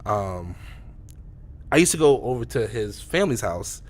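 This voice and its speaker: A man's voice: on the low side, very animated, normal speed. A man co-hosting a podcast, telling a story in a rambling way with many restarts. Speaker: podcast co-host. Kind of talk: casual storytelling.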